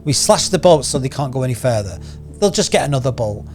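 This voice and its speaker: A man's voice: medium pitch, big pitch swings, fast talker, a little mellow, faint music behind. A man hosting a casual news commentary channel, rambling and firing off rhetorical questions. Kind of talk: casual opinion commentary to camera.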